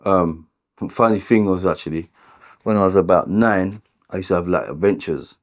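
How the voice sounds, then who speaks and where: Low-voiced London man telling his story. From London, England. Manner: halting, repeats words and restarts, many filler "like"s. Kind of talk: candid personal storytelling.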